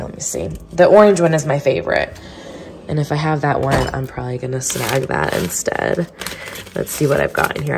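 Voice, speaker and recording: Woman vlogger, nasal with a head cold, lowish voice, chatty and upbeat. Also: darkish tone, a little hiss or hum. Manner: chatty, upbeat, many fillers. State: stuffy nose from a cold. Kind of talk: casual vlog chat.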